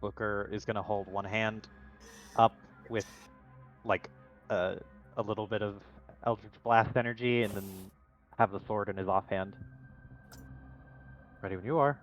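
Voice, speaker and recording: Lower-voiced joking man, lo-fi mic. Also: unhurried, pauses often, soft background music. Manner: joking and animated. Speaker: tabletop player. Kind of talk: casual tabletop play.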